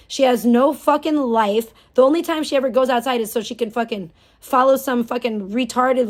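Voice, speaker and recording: Foul-mouthed woman streamer ranting scornfully. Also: a little high. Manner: profane, scornful, mocking. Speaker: live streamer. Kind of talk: angry ranting live stream.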